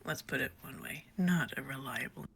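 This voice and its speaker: A woman voicing Chifley, a cryptic man who talks low and hushed, partly in a whisper. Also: moderate pace, vocal fry, breathy edge, exaggerated voice.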